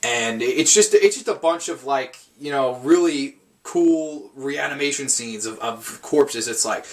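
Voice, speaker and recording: A man's voice: mid-range voice, a little slow, few pauses. A man giving a casual, rambling film review, swearing often and restarting his sentences. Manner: rambling, profane, frequent restarts.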